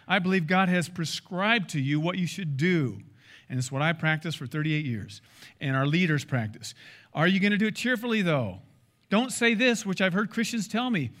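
A man in his fifties, a pastor preaching a sermon in an emphatic, animated way, acting out dialogue. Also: high-pitched, normal speed.

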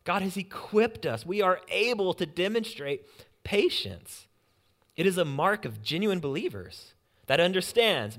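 A young male pastor preaching with a slightly raised pitch. He shifts between loud urgent bursts and quiet, pointed emphasis. Along the way he acts out anxious inner voices with humor. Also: lively intonation, a little slow. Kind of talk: sermon.

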